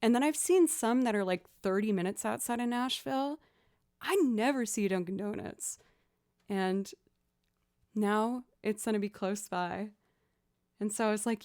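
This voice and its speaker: A young woman with a Boston accent, from the Boston area in the USA, chats casually with viewers on her music livestream, her talk full of "like" and "you know." Her voice is medium-pitched with a darkish tone, and she talks at a normal speed with long pauses.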